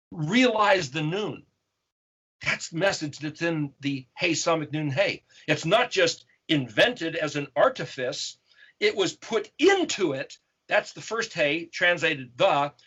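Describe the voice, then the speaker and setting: A man's voice: fairly high pitch, bright, forceful tone, husky, muffled recording. A man hosting a question-and-answer video, explaining things at length, repeating and restarting his phrases as he goes. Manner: expounds on Hebrew letters, repeats and restarts phrases. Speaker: host answering viewer questions. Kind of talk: casual explanatory talk.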